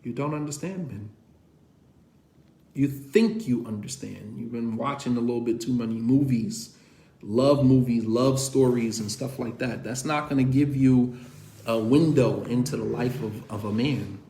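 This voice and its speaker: A man giving a conversational lecture on marriage, speaking directly to his listeners and asking them again and again whether they understand, with animated, sarcastic storytelling. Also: medium pitch, a little slow, echoey room.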